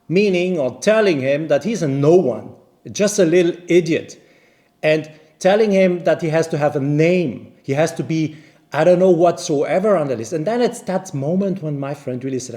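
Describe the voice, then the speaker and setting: Man telling a story, slightly high. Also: normal speed. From based in Vienna. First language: not English; speaks non-native English. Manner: animated, indignant, many restarts. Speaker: watch channel host. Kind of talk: casual storytelling to camera.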